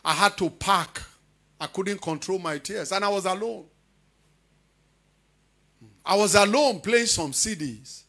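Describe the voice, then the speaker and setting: A middle-aged man, preaching a charismatic sermon loudly and often shouting. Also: high voice, unhurried, pauses often. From Nigeria. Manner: loud preaching with frequent shouting. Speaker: pastor.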